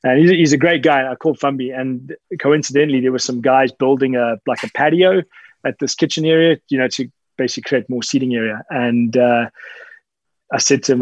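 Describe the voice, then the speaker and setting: A man's voice: medium pitch, fairly quick, no echo. Casual interview guest, a man, rambling, dry and slightly dull sound. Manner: relaxed, rambling, frequent fillers and restarts. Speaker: interview guest, dog handler and tracker.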